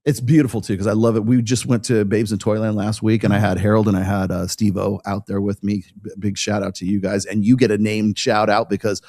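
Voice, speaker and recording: Husky-voiced blunt male podcast host. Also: fairly low pitch, little pitch movement, brisk, hardly any pauses, warm tone, no room sound. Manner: blunt and profane, tags lines with "right?". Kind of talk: casual podcast talk.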